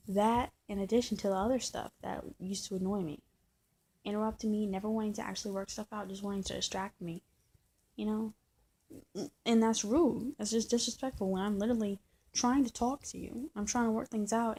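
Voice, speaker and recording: A woman's voice: mid-range voice, mellow, slight background noise, poor audio. A woman vlogger speaking in a candid, venting confessional monologue, often repeating and restarting her words.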